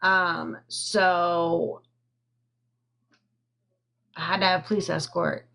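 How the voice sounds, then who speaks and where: A woman telling a personal story on a live stream into a phone, halting with frequent pauses and fillers, stopping to thank viewers. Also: on the low side, flat delivery, vocal fry, a bit bright. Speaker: livestreamer telling her own story.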